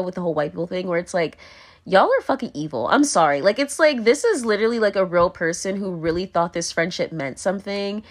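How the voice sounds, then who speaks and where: A young woman talking straight to camera in a blunt, rambling, swear-heavy monologue, often breaking into laughter. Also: medium pitch. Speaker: vlogger.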